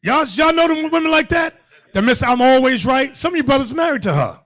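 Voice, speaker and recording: A man teaching a class as a bishop, in animated sermon style, shouting and acting out the voices in his anecdotes. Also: very high voice, a little fast.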